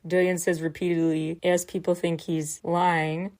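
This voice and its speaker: A woman's voice: on the low side, normal speed, hardly any pauses. A woman hosting a podcast, recapping a mystery episode in a chatty way with wry asides. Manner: chatty, wry asides, quotes lines in animated voices. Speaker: podcast host. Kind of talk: recapping a K-pop variety episode.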